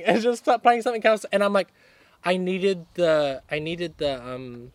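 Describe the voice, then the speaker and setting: A man's voice: sits high, normal speed, no room sound. A young man, co-hosting a casual podcast outdoors in a garden and retelling a film plot with lots of fillers. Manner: rambling storyteller, many fillers. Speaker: podcast co-host. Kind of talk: casual chat.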